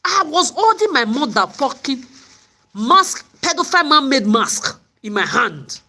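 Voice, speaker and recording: A woman's voice: high-pitched, sing-song, a little slow, sharp tone. A middle-aged woman, delivering an angry, confrontational monologue to camera, repeating herself as she rants. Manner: confrontational, ranting, repetitive. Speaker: vlogger.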